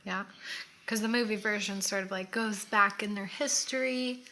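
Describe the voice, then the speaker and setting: This is a woman in a relaxed makeup chat, talking with an easygoing, rambling flow. Her voice is bright and clear, and a faint background hiss sits under it. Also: mid-range voice, normal speed. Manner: chatty, easygoing, trailing off mid-thought. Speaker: co-host. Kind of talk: casual chat while doing makeup.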